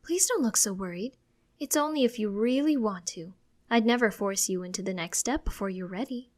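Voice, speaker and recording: A woman voicing a cheerful, doting mother who is gentle and coaxing, then eager and excited. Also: medium pitch, moderate pace, natural voice. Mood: concerned.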